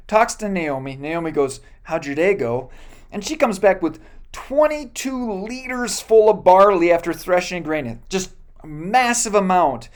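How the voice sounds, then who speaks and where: A pastor giving a sermon, retelling a Bible story in a casual, joking way with many fillers and self-corrections. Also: medium pitch.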